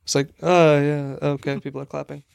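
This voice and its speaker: A man's voice: fairly high pitch, level tone, a little fast, vocal fry, darkish tone, clean tone, no echo, studio quality. A young man telling a long, rambling comic story on a podcast, full of "like" and acted-out quotes. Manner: rambling, lots of "like", acts out quoted people. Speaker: podcast co-host. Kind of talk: casual comedic storytelling.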